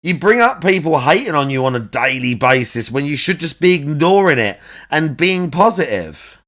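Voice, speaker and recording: A man's voice: on the high side, sing-song, moderate pace, a bit bright. A man mocking a clip in a reaction commentary, sarcastic, swearing and laughing often.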